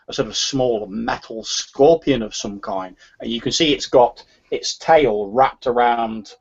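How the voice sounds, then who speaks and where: A man's voice: medium pitch, slightly rough, highs cut off. A man narrating as game master for a tabletop game, hesitant and full of restarts.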